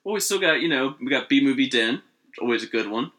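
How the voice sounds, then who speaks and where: A man co-hosting a podcast, chatting casually with rambling, halting restarts. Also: mid-range voice, expressive, a bit bright. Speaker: podcast co-host. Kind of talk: casual chat.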